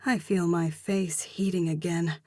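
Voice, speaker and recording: A woman narrating a romance novel in first person with steady storytelling. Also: lowish voice, unhurried, dry recording, studio quality. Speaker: audiobook narrator.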